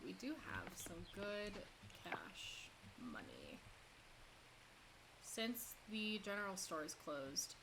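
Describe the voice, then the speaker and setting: A woman's voice: medium pitch, heavy background noise. A woman streaming a farming game, rambling and thinking aloud with self-mocking asides. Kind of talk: casual gameplay commentary. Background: game music.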